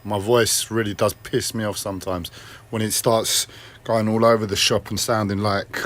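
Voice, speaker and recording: A man's voice: lowish voice, flat delivery, normal speed, a bit bright. Swearing, self-critical man on a vlog. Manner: clears throat and coughs often. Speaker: livestreamer. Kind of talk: personal vlog monologue.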